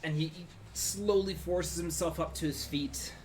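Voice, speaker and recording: A man's voice: on the high side, steady tone, measured pace, a little mellow, slight background noise. A man narrating as game master in a casual, rambling way.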